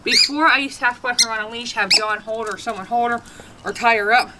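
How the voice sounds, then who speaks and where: A woman vlogging a casual dog training demonstration, chatty, breaking into high sing-song praise for her dogs. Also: steady tone, fast, very noisy.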